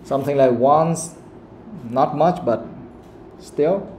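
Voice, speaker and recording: A man teaching a live English pronunciation lesson, asking the class the same question again and again and saying the example sentences slowly. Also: medium pitch, mellow. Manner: asks questions again and again, quotes the audio slowly. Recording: echoey room, faint background noise.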